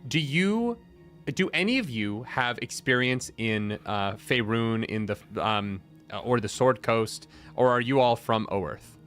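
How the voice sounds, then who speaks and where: A man narrates a tabletop game as its dungeon master, pausing often with fillers as he builds each scene. His voice sits at an ordinary middle pitch. Faint music plays behind him. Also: fairly bright tone. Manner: halting, filler-heavy narration.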